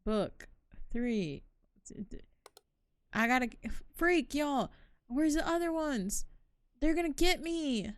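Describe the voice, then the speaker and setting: A high-pitched young woman with lively intonation takes her time and pauses often, recorded with no room sound. Streaming a horror game, she gives casual commentary to chat, full of slang and swearing, and shrieks when startled.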